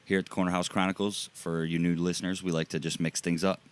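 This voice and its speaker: Deep-voiced relaxed male podcast host. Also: fast talker, clean tone. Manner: relaxed, easygoing, laughs often. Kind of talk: casual chat.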